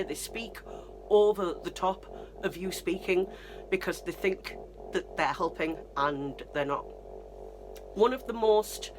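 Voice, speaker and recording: A woman's voice: fairly low pitch, background noise. A woman with a British accent, chatting and telling stories to camera in a rambling, self-deprecating way. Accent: British English. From Britain. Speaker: vlogger. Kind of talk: casual storytelling to camera.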